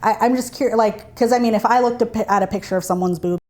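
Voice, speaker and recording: A woman's voice: on the high side, quick pace, a little mellow. A middle-aged woman, a podcast guest, talking candidly and casually with lots of "like" fillers. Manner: candid, frank, many fillers like "like". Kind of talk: casual conversation.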